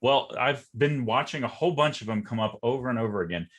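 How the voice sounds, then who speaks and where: A man moderates the question session of an online webinar, his voice at a middling pitch. He reads out audience questions in an easygoing way over a video call. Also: fast.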